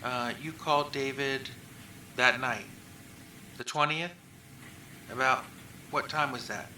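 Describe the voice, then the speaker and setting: A male investigator asks short, matter-of-fact questions in a flat, very bright voice. The old recording sounds echoey and has a faint hiss in the background. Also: mid-range voice, slow. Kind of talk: recorded police interview.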